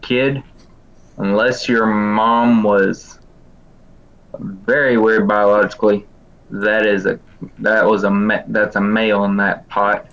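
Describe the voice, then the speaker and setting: A man's voice: fairly low pitch, little pitch movement, takes it slowly, a bit bright, dull audio. A man playing a tabletop game, speaking in a dry, matter-of-fact way. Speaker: player. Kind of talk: casual tabletop role-play.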